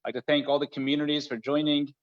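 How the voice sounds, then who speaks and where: A man's voice: fairly high pitch, little pitch movement, fast talker, highs cut off. A man hosting an online community event over a video call, thanking the guest and wrapping up in a formal way. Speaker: host. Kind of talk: closing remarks on a video call.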